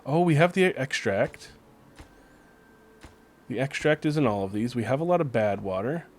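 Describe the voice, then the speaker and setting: Chatty excitable male game streamer. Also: medium pitch, normal speed. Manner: chatty and excitable, swears casually. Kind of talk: casual gameplay commentary.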